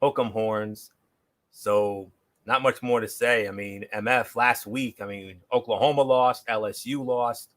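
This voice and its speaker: A man with a mid-range, ordinary voice hosts a football picks show. He walks through each matchup in a plain, steady way, dropping in the occasional filler. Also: medium pitch, unhurried. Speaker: show host. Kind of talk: casual sports picks chat.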